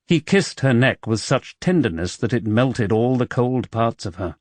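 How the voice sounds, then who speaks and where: Casting: male audiobook narrator, lively pitch, bone-dry close-miked studio sound. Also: no echo. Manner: expressive, measured storytelling. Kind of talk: scripted narration of a romance novel.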